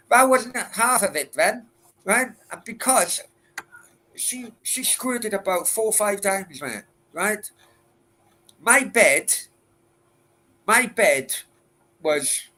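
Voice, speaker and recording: A man's voice: high-pitched, pushed and bright. A man hosting a late-night Q and A, chatting casually in a rambling, crude way full of swearing and restarts. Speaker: livestream host answering chat.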